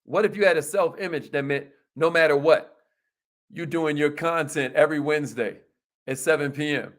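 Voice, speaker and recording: A middle-aged man giving a motivational talk to a live call audience, folksy and animated, calling out to his listeners. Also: a little high, normal speed. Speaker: motivational speaker.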